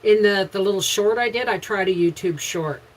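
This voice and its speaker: On a low-quality recording, a middle-aged Canadian woman with a medium-pitched voice speaks at a moderate pace. She hosts a homesteading livestream from her home, chatting casually about her day and greeting viewers by name.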